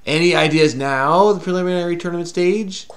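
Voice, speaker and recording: Man, crossword host, slightly high voice, playful teasing, patient explaining, casual chat. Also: brisk. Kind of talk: casual puzzle-solving chat with a child.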